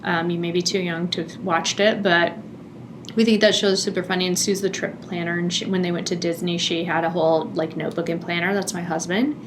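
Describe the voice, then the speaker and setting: A middle-aged woman hosting a podcast, telling a personal story in an animated, chatty way with frequent laughter. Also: on the low side, brisk, noisy background. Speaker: podcast host.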